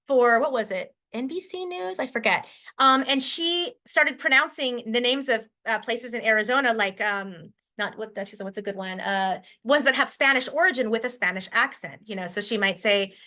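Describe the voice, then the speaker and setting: Quick, bright-voiced woman presenting. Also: a little high. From Washington State. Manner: chatty, thinks aloud with fillers and restarts. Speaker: teacher. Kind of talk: conference presentation.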